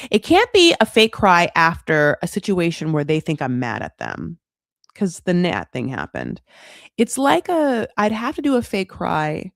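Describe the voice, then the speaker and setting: Woman, reality TV recap host, casual and blunt, lowish voice, dry close mic. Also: creaky, no echo. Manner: chatty, frank, swears, many fillers, dramatic voices for quotes.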